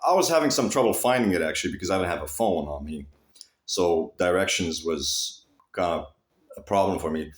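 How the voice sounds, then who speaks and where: Animated, profane man talking in an echoey room. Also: low voice, fairly quick. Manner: rambling, profane, with frequent restarts and animated swings. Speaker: vlogger. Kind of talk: casual monologue to camera.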